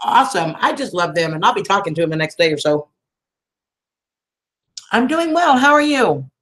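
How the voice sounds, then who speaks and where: A woman's voice: on the low side, sing-song, normal speed, fairly bright tone. A woman, hosting a casual livestream and chatting affectionately with viewers, calling them sweetheart and hon. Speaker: livestream host.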